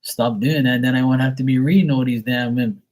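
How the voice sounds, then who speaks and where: A man's voice: mid-range voice, fairly even intonation, quick pace, darkish tone. A man giving live tarot readings, talking bluntly and profanely in a casual monologue, acting out others in mocking voices.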